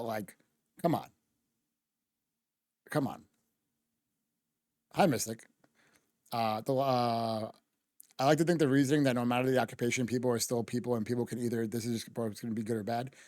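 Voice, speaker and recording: A man's voice: mid-range voice, a little mellow, no echo. A man streaming his reaction to a video, ranting casually and heatedly with lots of swearing and restarts, on a close microphone. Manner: profane, heated, argumentative, many restarts.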